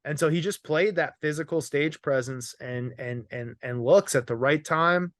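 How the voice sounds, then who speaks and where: A man's voice: fairly high pitch, moderate pace, a bit bright, dry recording. Joking young man on a podcast, dry mic. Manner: joking, rambling storyteller, laughs often. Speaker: podcast host. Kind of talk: casual comedy chat.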